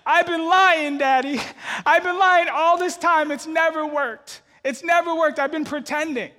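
A man's voice: steady tone, measured pace, sharp tone, long reverb tail, exaggerated voice. A man doing a wailing little girl. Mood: sobbing. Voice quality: high shrill wail.

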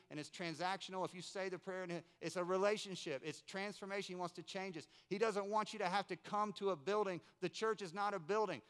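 Smooth-voiced man preaching a sermon. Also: sits high. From North Carolina. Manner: storytelling, animated, playful asides. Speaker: pastor. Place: church service in a rented building.

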